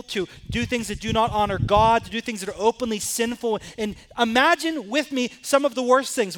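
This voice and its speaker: High-pitched and intense, this male pastor's sermon swings from hushed stretches to questions that build and land with emphasis.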